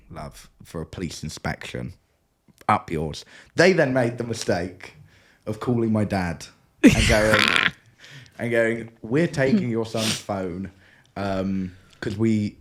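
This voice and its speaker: A young man with a British accent, co-hosting a casual podcast, laughing as he tells a long story and acting out the other people in it. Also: on the low side. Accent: British English. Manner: animated, laughs through his own story, acts out voices. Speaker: podcast co-host.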